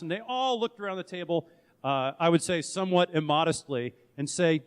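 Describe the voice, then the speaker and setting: This middle-aged company founder and CEO presents at a conference in a candid, chatty style with many restarts. His voice is a bit high, clear and resonant, with lively intonation and a slightly fast pace, and the hall lends a long echo.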